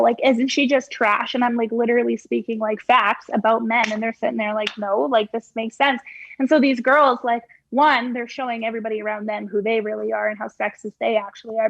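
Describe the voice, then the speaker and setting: A young woman guest on a casual podcast, blunt and swearing as she tells lively stories. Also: fairly high pitch, no echo. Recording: dry, dull lo-fi sound.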